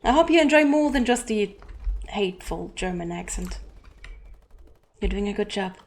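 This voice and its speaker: Chatty woman streamer, fairly high voice. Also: lively intonation, quick pace, slight background noise. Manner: chatty, encouraging teammates. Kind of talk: casual gameplay chat.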